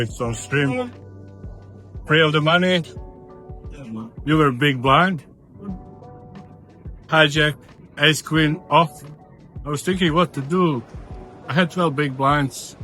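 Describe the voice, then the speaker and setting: A man with a bright voice tells a poker story in halting. Faint music sits behind him. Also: fairly high pitch. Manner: halting, searching for words. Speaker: poker player recounting a hand. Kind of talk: casual anecdote.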